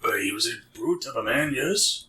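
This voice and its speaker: A man voicing a gruff male prison attendant, giving measured, formal replies. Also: mid-range voice, lively intonation, sharp tone. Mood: guarded.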